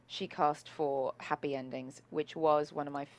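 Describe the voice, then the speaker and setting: A woman from Nigeria with a British accent, a guest actress telling stories in a lively, animated way during a casual interview. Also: low-pitched, unhurried.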